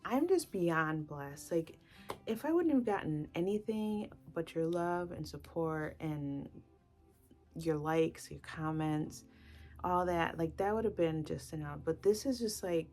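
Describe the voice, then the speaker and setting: A woman's voice: low voice, unhurried, a little mellow, soft background music. A woman book vlogger talking in a casual, gushing way, full of "like" fillers. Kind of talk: casual chatty book talk.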